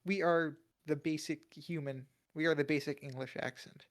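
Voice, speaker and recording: A man's voice: fairly high pitch, fairly even intonation, moderate pace. A young man with a Midwestern American accent, co-hosting a casual podcast, joking and laughing often. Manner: joking, laughs often, reads aloud from searches. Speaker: podcast co-host. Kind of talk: casual chat.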